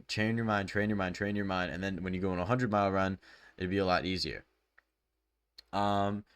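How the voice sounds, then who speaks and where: Casual young man, low dry voice. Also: a bit bright, no echo. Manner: loose and chatty, full of "like" and "bro". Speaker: book summary youtuber. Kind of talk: casual spoken book summary.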